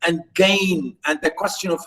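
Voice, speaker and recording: A man's voice: fairly high pitch, steady tone, moderate pace, sharp tone, far from the mic, poor audio. A man lecturing on literature, who repeats and restarts phrases as he explains and points out British pronunciation.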